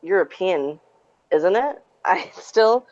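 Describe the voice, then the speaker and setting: A woman's voice: lowish voice, expressive, takes it slowly, a little mellow, no room sound, muffled recording. A woman chatting on a podcast, candid and wry, laughing at herself. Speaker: podcast co-host. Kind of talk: casual podcast chat.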